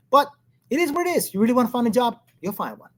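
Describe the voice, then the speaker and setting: A man's voice: extremely high pitch, very animated, a little fast. A man hosting a show with casual political commentary, talking in a rambling, blunt way and often laughing. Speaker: show host.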